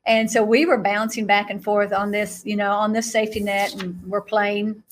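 A woman guest speaker recounting a vision in animated storytelling, acting out quotes and laughing often. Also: medium pitch, normal speed, slight background noise.

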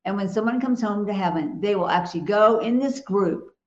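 A woman's voice: medium pitch, brisk, reverberant, highs cut off. A woman co-hosting a Christian talk show, speaking with emphatic assurance and laughing easily. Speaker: co-host.

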